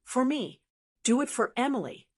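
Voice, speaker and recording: A woman's voice: high-pitched, sing-song, normal speed, pitched above the performer's own voice. A woman reading the lines of a manipulative adult son who speaks in a cooing, condescending way.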